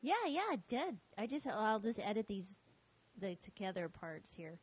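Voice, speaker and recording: A woman interviewer giving quiet, brief replies, recorded faintly from far off the mic. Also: medium pitch, very animated, measured pace, slightly rough.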